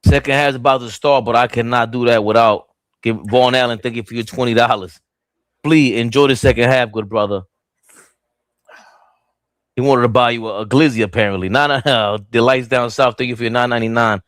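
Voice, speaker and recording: A man's voice: medium pitch, fairly quick, clear, resonant tone, no echo. A young man doing casual live play-by-play on a fan stream, talking straight to the chat. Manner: excitable, voice jumps up when the action heats up.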